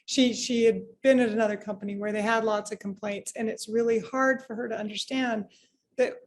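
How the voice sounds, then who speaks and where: A woman business owner talks through workplace stories in a casual interview. Her voice sits a bit high and turns animated as she acts out what colleagues said. A faint hiss of background noise runs under her. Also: fairly quick. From United States. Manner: animated, acts out quoted remarks, frequent restarts.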